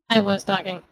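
A woman playing a tabletop role-playing game, speaking haltingly about her character. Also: medium pitch, darkish tone, dry recording. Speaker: player. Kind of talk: tabletop role-play chat.

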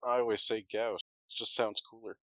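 A man's voice: on the low side, little pitch movement, a little fast, pushed and bright, dry recording. A man playing a tabletop role-playing game, making joking asides. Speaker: tabletop player.

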